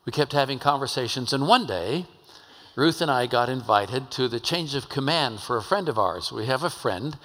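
A man's voice: mid-range voice, animated, moderate pace, fairly bright tone. An older man, a pastor, telling a story in a conversational sermon in a church. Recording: long hall reverb.

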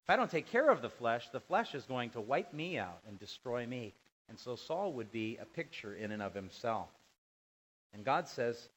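A man's voice: lowish voice, moderate pace, slight background noise, rough recording. A middle-aged male pastor preaching a sermon, his voice climbing and falling for emphasis. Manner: animated preaching, voice rising and dropping for emphasis.

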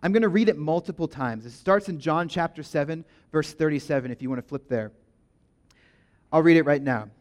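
Lively young male preacher, slightly high. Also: fairly quick. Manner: energetic, conversational, playful asides. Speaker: pastor. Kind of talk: sermon.

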